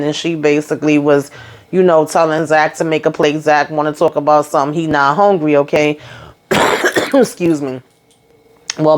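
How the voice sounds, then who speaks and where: Animated woman recapping a TV episode. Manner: animated retelling, acts out quotes with rising pitch. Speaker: TV recap YouTuber.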